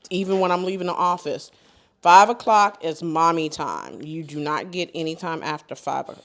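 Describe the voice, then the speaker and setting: A middle-aged woman with a somewhat low voice hosts a live sewing stream. She chats casually while she works, telling animated, colloquial stories and often breaking into laughter. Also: slight background noise.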